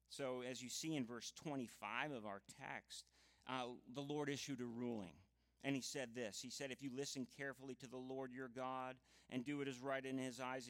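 Earnest man preaching a measured sermon. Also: mid-range voice, fairly bright tone. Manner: earnest, measured, with frequent "you know" asides.

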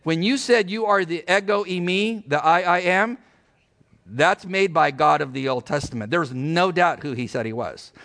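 A middle-aged man preaching a sermon as pastor, emphatic and animated, asking his congregation rhetorical questions. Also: fairly high pitch, normal speed, gravelly.

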